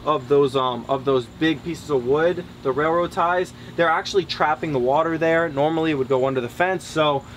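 Excitable man vlogging outdoors. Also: on the high side, normal speed, few pauses. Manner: excitable, talks straight to viewers. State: out of breath at times. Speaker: vlogger, animal keeper. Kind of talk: casual outdoor vlog. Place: outdoors, animal yard in hot weather. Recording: outdoor camera audio with noise.

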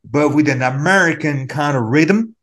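A man with a French accent, an actor, talking through an interview in an animated, rambling way and repeating words as he goes. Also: a little high, normal speed. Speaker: actor guest. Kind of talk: casual interview chat.

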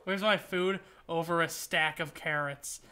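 A man's voice: on the high side, fairly even intonation, unhurried, sharp tone, clear, resonant tone. A man streaming a video game, rambling and joking through his play and swearing when things go wrong. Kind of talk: casual gameplay commentary.

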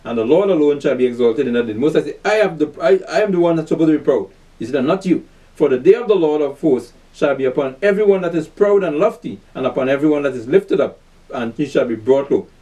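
A man's voice: a little high, animated, quick pace, warm tone, recorded from a distance, rough recording. A man preaching and teaching scripture, reading verses aloud and asking the listeners questions to answer. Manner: call-and-response questions, repeats "you see that"; reads verses aloud then comments emphatically.

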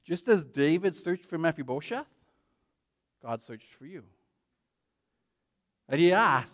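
Male pastor, slightly high voice, lively conversational sermon delivery. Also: normal speed, pauses often. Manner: animated, frequent "right?" tag questions. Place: church.

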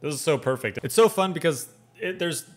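A man's voice: a little high, brisk. An American man from California hosting a reaction video, talking in a chatty, rambling way with many restarts. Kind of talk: casual reaction commentary.

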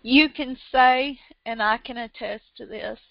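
A woman's voice: a little high, unhurried, vocal fry, no room sound. A woman preaching a fervent, emotional sermon online, repeating phrases and laughing through tears. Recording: dull lo-fi sound.

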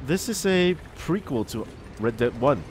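A man's voice: mid-range voice, lively intonation, unhurried, a little hiss or hum. A man hosting a video game playthrough, chatting sarcastically and reacting aloud as he plays. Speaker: gaming channel host. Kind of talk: let's play commentary.

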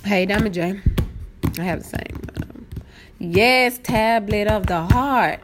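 A woman chatting casually on a live stream, greeting viewers by name and getting excited easily. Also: mid-range voice, slow pace, pauses often, music in the background. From Southern United States. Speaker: planner live-stream host.

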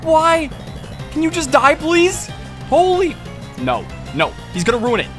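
A gaming video creator giving live gameplay commentary, excitable, swearing and laughing often. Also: high voice, a little slow, over music.

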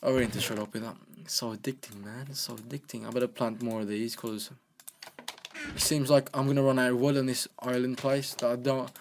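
Male let's play gamer, mid pitch, rambling playful commentary, faint keyboard noise. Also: little pitch movement, a little fast, vocal fry. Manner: rambling, playful, talks to himself. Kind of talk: casual gameplay commentary.

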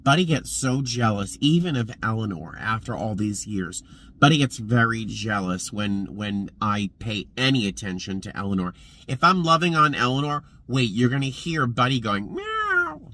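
A man chatting casually in a vlog from his car, expressive and talkative, with loud bursts now and then. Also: lowish voice, normal speed. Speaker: vlogger. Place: in a car and around a parking lot.

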